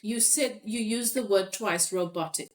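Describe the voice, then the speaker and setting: Slow, thoughtful South African woman. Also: mid-range voice. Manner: thoughtful, reads listener comments aloud. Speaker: podcast host. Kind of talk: casual discussion.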